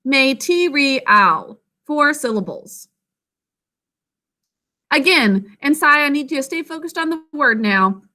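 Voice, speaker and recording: A woman teacher leading a spelling lesson, sounding out words slowly syllable by syllable and calling on students by name. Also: high voice, expressive, bright, forceful tone. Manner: slow, deliberate dictation, sounding out words syllable by syllable.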